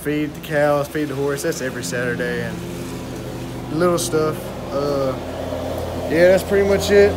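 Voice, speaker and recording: Young man, casual vlog talk, laid-back, slightly high voice, faint background noise. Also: a little slow, long pauses. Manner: laid-back, repetitive slang filler. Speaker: vlogger.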